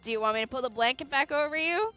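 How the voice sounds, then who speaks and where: Young woman streamer, giggly and a bit sweary, higher voice, lo-fi mic. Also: quick pace, smooth. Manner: animated, giggly, swears casually. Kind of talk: casual livestream chat. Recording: lo-fi with faint music.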